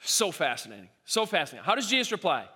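Man preaching in a reverberant hall, high pitch, lively and repetitive, acts out the quotes. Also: fast talker, husky. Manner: animated, acts out quoted voices, repeats himself. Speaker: pastor. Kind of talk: sermon.

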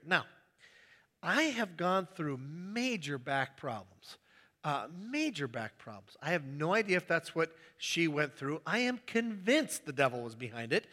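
A man preaching a sermon in a church, animated and joking with the congregation. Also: a little high, big-room sound. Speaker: pastor.

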